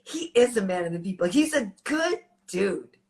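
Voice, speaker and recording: A woman's voice: medium pitch, big pitch swings, moderate pace, a little mellow. A woman hosting a casual talk show, upbeat and laughing along with guests. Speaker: host. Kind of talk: casual chat.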